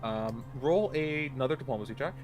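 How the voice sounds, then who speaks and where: A man's voice: mid-range voice, brisk, soft background music. A man running a tabletop game as game master, narrating in a loose, rambling way full of filler words.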